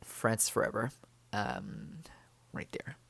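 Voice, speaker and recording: A young man chatting in a bubbly, rambling way for his vlog, full of fillers and excited exclamations. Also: lowish voice, slow pace, vocal fry, husky, dry recording, whispered. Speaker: vlogger.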